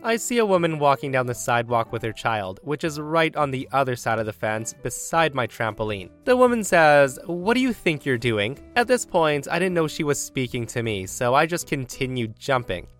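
A man narrating online stories, his voice swinging up and down with lively, disbelieving reactions between the retold events. His pitch sits in an ordinary middle range. Faint music plays underneath. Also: moderate pace, hardly any pauses. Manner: animated, incredulous commentary. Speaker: story narrator. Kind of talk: reading online stories with commentary.

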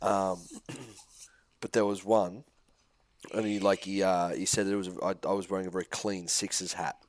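A man co-hosting a casual podcast, his voice on the low side. The sound is dry and close. He tells stories in a laid-back, joking way and swears casually. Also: little pitch movement, moderate pace, no room sound. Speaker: podcast co-host.

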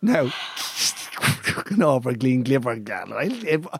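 An Irish man, a podcast co-host, chatting playfully and reading a poem out slowly and deliberately. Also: mid-range voice, big pitch swings, gravelly, a little hiss or hum. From Ireland. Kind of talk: casual chat.

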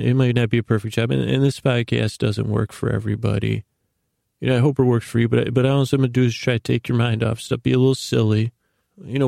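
Podcast host, male, creaky voice, dry close sound, meandering self-deprecating monologue. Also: medium pitch, dark tone, dry recording. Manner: meandering, self-deprecating, stumbles and repeats words. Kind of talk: rambling bedtime monologue.

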